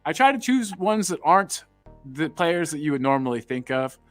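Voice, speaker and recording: American dude hosting a chat, kinda high voice, rambles and repeats himself, some music under it. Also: male voice, very animated, moderate pace, no echo. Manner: rambling, repeats words, upbeat. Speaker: podcast host. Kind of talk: casual chat reading live comments.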